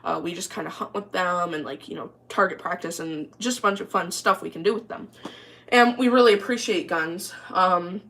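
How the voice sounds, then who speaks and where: Young woman chatting while she cooks in her kitchen, bright clear voice, rambly with lots of likes. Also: on the low side, moderate pace, slight background noise. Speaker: vlogger. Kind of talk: casual storytime chat. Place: kitchen, cooking while talking.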